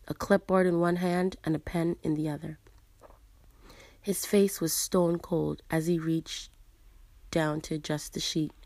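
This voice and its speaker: A woman with a fairly low voice reads a story aloud, her narration hushed and at times slipping into breathy half-whispers. The sound is dry and close, with no room around it. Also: no room sound. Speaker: reader and book reviewer. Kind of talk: reading a story aloud, then casual commentary.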